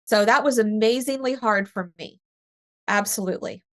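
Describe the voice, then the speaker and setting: A woman speaking as a spiritual medium in a casual conversation, telling lively stories and laughing often. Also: a little high, normal speed. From East Tennessee. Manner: animated storytelling with laughter, acts out her own past voice.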